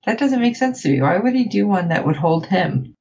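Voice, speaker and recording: A woman co-hosting a casual recap show, animated and acting out the characters' lines as she tells it. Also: medium pitch, a little fast, creaky, muffled recording, a little hiss or hum. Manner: animated, quotes characters in playful voices. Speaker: podcast co-host.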